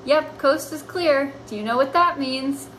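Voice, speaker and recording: A woman voicing mischievous house cats from a comic strip, reading their lines slowly in a sing-song way. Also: high-pitched, a bit bright, a little hiss or hum, pitched above the performer's own voice, rough recording. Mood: playful. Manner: slow, drawn-out, sing-song reading of speech bubbles.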